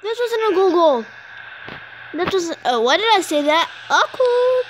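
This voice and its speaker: Excitable young woman cheering a game. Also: extremely high pitch, a little slow, a little hiss or hum, poor audio. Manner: excitable, shouts at players, apologizes to viewers. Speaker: gaming channel host. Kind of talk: live mobile game commentary.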